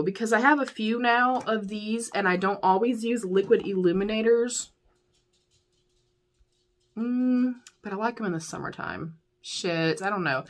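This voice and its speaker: A young American woman with a mid-range, fairly bright voice reviews products in a chatty, casual way as she declutters makeup. The beauty YouTuber laughs frequently and keeps calling her audience y'all.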